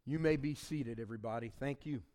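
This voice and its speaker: A man's voice: medium pitch, brisk, mellow. A male pastor preaching a sermon in a church, leaning on key words and drawing them out for emphasis. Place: church sanctuary with congregation. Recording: long reverb of a church hall.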